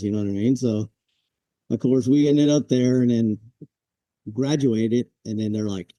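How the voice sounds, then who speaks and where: Dark-voiced laid-back male veteran. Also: medium pitch, normal speed, dry recording. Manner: laid-back, chuckles, acts out quoted drill instructors. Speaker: podcast guest, Marine veteran. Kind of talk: casual storytelling interview.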